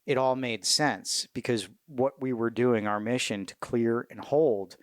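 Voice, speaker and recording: A middle-aged man, a military veteran, telling war stories in a casual interview, cursing freely, animated and laughing as he goes. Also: medium pitch, a little slow, no room sound, clean studio sound. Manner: profane, animated, laughs mid-story.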